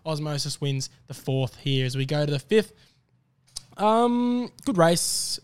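An Australian man co-hosting a casual racing podcast, confidently rattling off his tips and prices. His voice sits a little higher than most men's and comes through clean and smooth. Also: lively intonation, slow pace. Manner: upbeat, confident tipster banter. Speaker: podcast co-host tipping races.

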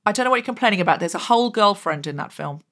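A woman hosting a comedy podcast over a video call, telling self-mocking stories with lively energy. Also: mid-range voice, racing. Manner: animated, self-mocking storyteller. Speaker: podcast host. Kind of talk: comic conversational chat.

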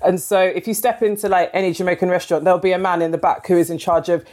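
A woman novelist from London, chatting as an interview guest, filling with "like" and acting out quoted dialogue. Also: racing. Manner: chatty, fills with "like", acts out quoted dialogue with lively pitch jumps. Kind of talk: casual storytelling interview.

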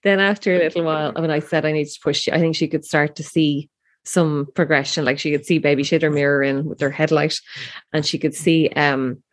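A woman's voice: sits low, fairly even intonation, fairly quick. A woman in her thirties casually telling her birth story, chatty and emotional, with many fillers and restarts.

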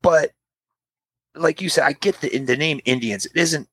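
A man chatting casually, telling animated stories and acting out the people he quotes. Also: a little high, normal speed, slightly rough, no echo. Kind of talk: casual chat.

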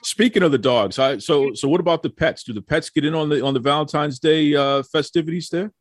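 A man's voice: on the high side, fairly quick, no room sound. A man hosting a casual podcast chat, joking and teasing his guests, often repeating words as he talks. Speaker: podcast host.

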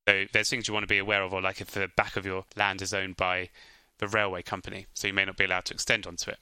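A man with a low voice and a strikingly bright, crisp tone walks through things in a relaxed, lightly joking way. The recording is close and dry. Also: fast, no echo. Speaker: podcast co-host. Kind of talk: casual conversational podcast.

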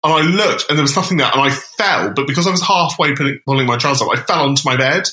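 A man co-hosting a podcast talks fast in a sharp, mid-range voice, telling stories with laughs and exclamations. It's casual chat recorded with a roomy echo.

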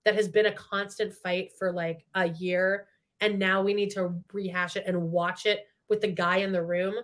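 A woman in casual gossip chat, retelling reality show scenes in an animated way and swearing often. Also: mid-range voice, moderate pace. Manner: animated storytelling, acts out quotes, swears often.

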